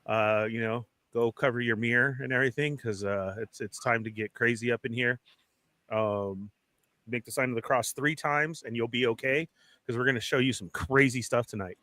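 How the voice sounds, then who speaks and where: A man hosting a casual livestream show, welcoming viewers with energetic hype. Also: mid-range voice, normal speed, no room sound. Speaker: podcast host.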